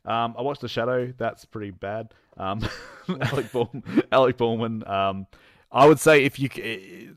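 A man co-hosting a casual movie chat, telling the plot in a halting, rambling way with lots of fillers and restarts, laughing at his own jokes. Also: mid-range voice, dry recording, clean studio sound. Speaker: podcast co-host reviewing movies.

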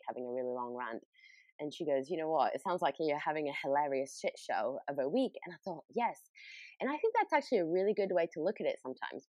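A woman's voice: deep voice, a little mellow, dry recording. A woman with a British accent, a podcast host telling a story in casual chat, laughing often. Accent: British English.

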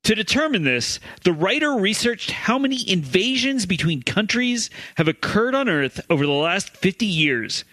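Man, co-host and news reader, high bright voice, very animated, dry studio sound. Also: moderate pace, hardly any pauses, no room sound. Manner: reads stories aloud, laughs often, corrects others. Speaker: podcast co-host reading news. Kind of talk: scripted news reading with banter.

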